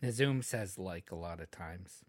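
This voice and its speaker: A man's voice: low-pitched, a little slow, dry recording. A man hosting a podcast in casual chat, rambling with lots of fillers and casual swearing. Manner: close to the mic, sometimes trails off quietly. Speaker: podcast host and editor.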